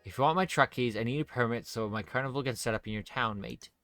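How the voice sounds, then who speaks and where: A man's voice: medium pitch, fast talker, over music, close to an everyday voice. A man voicing a cheeky carnival man who talks in rhyming slang.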